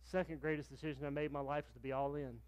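Speaking at a racing clip in a level tone, a middle-aged pastor from Virginia, US, preaches with a voice on the high side. His sermon is storytelling, with the characters' lines acted out loudly.

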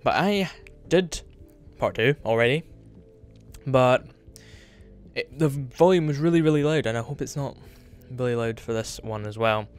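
A man's voice: medium pitch, measured pace, clear, resonant tone, faint music behind. A man hosting a gameplay walkthrough, chatting casually with apologetic asides between reading game lines. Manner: chatty, apologetic asides, reads game dialogue aloud in put-on voices. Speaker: gameplay video host.

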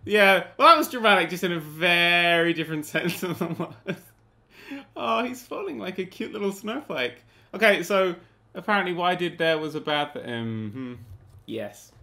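A man giving excitable, sarcastic gameplay commentary, swearing freely as he flies. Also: high-pitched, normal speed. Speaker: gaming video host.

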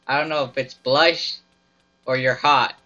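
A young gaming YouTuber offers goofy, melodramatic commentary as he plays, his mid-range voice steady, unhurried, pushed, and bright. The mic sounds slightly dull and lo-fi.

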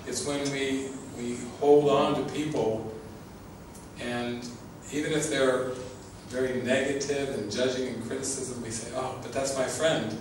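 A man's voice: mid-range voice, level tone, measured pace. A man giving an informal spiritual talk as a teacher, earnest and often laughing, repeating his words. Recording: echoey, distant mic with background noise.

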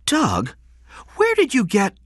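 A man voicing an anxious wife in an audiobook, raising his voice high and sounding worried and pleading. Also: huge pitch swings, slow, a bit bright, dry recording, clean studio sound, exaggerated voice. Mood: shocked. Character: anxious wife, adult woman.

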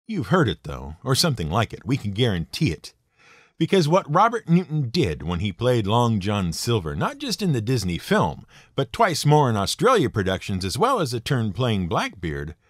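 Lively, wry male podcast narrator. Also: mid-range voice, no room sound. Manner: wry, playful storytelling with dry asides. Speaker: podcast host.

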